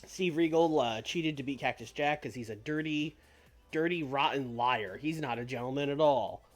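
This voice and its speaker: A man's voice: medium pitch, moderate pace. A male streamer giving rambling casual commentary while playing a management game, with many fillers. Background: music.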